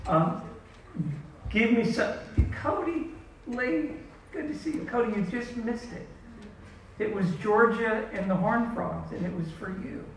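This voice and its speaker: A man as a pastor giving an interactive, conversational sermon to a church class, often asking the audience questions. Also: high voice. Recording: roomy echo with faint room noise.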